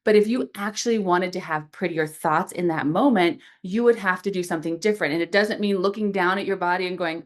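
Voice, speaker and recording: A woman's voice: on the low side, a little fast, few pauses. A woman guest on a faith podcast, explaining ideas earnestly and acting out small everyday dialogues as she goes. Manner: earnest, lively, acts out little dialogues. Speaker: podcast guest, founder of a reset program. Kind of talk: faith-based explanatory interview talk.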